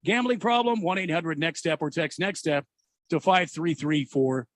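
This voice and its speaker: Male sports radio host, high voice, halting "uh"-filled delivery, dry studio mic. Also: no room sound. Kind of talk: casual radio talk with live ad reads.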